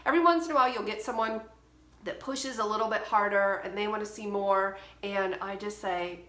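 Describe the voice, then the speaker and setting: Talking fast with a steady, slightly bright medium-pitched voice, a woman hosts a photography advice show solo to camera. She's a photography educator and podcast host, and her delivery is firm, direct and emphatic, with a roomy sound.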